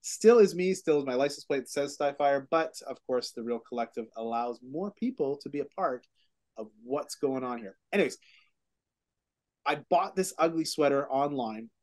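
A man's voice: mid-range voice, animated, normal speed, a little mellow. A man hosting a real estate podcast, telling a self-mocking story in a rambling way with many fillers. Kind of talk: casual podcast chat.

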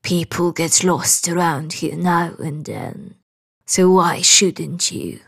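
A woman voicing a gruff, rude old male guide who answers in curt, muttered replies. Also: lowish voice, fairly even intonation, slow pace, exaggerated voice.

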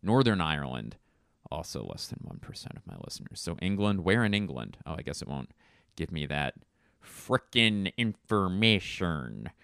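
Deep-voiced joking man. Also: very animated, brisk, gravelly, no room sound, clean studio sound. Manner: rambling, profane, joking. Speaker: podcast host. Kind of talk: casual solo chat.

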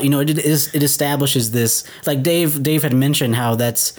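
A man's voice: mid-range voice, normal speed. A man co-hosting a casual film podcast, joking and rambling as he retells a scene. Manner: joking, laughs often; loose, rambling with fillers. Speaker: podcast co-host. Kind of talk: casual chat.

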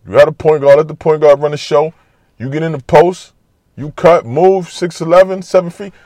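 A man giving a casual, animated, trash-talking basketball monologue full of slang. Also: on the high side, moderate pace, no room sound. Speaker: basketball commentator. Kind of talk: casual sports talk monologue.

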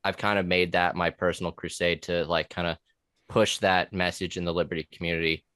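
Deep-voiced man rambling casually. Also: flat delivery, fairly quick, a bit bright, clean tone, no echo, clean studio sound. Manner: rambling, profane, with many fillers and restarts. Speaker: podcast guest, former corrections officer. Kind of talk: casual conversational podcast.

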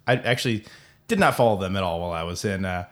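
A man with a somewhat low voice co-hosts a casual sports podcast. He rambles and stumbles through restarts, getting animated as he goes. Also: fast talker. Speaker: podcast co-host.

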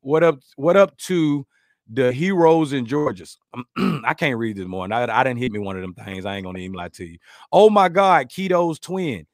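A man hosting a podcast, chatting casually, joking, rambling through stories and giving shout-outs to listeners. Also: mid-range voice, lively intonation, normal speed, dry recording, studio quality. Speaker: podcast host.

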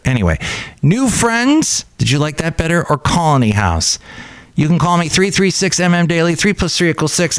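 A man hosting a casual solo podcast, rambling and chatty with excitable jumps in his voice. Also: medium pitch, dry recording. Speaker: podcast host. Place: cafe.

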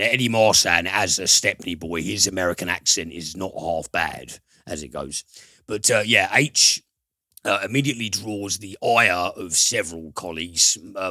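Deep, bright-toned man chatting about a film. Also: no echo, studio quality. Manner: rambling, many fillers, retells scenes with swearing. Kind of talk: casual film review chat.

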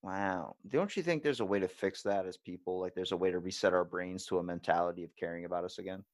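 A man's voice: sits low, fast talker, no echo, studio quality. A man hosting a podcast, talking bluntly and casually, swearing freely as he tells stories. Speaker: podcast host. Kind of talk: casual conversation.

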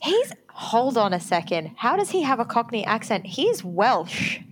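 A woman's voice: fairly high pitch, very animated, a little slow. A woman co-hosting a podcast in casual chat, candid and self-deprecating, laughing often. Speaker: podcast co-host.

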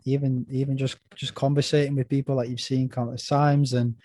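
A man's voice: medium pitch, level tone, fairly quick, mellow, no room sound. A man hosting a casual podcast chat, thoughtful and asking open questions. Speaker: podcast host, personal trainer.

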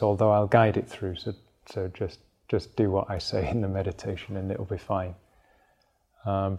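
Gravelly, low-voiced male meditation teacher. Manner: relaxed, thinking aloud, soft asides. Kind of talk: explaining meditation to a class. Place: meditation class.

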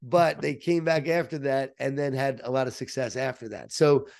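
A middle-aged man tells stories as an interview guest, pushing his points with emphatic, energetic delivery. His voice sits at an everyday middle pitch, and his tone is upbeat and motivational. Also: normal speed, vocal fry. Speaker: author and guest. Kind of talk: interview, storytelling.

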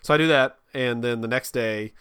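A man's voice: mid-range voice, normal speed, a bit bright, smooth, dry recording, clean studio sound. A man in his thirties chatting casually from a home office, a father telling family stories with frequent laughs and self-deprecating restarts. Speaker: podcast co-host. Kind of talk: casual chat.

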